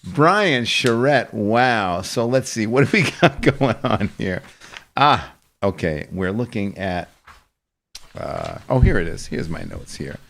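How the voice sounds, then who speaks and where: A man's voice: lowish voice, lively intonation, a little slow, gravelly, a bit bright, a little hiss or hum. A man hosting a show, telling rambling stories in casual chat and laughing often. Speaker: show host.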